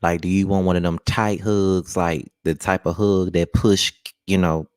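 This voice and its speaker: A man's voice: sits low, steady tone, a little slow, a little mellow, clear, resonant tone, dry recording. A man hosting casual reaction commentary, joking and teasing bluntly with some profanity. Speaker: commentary channel host.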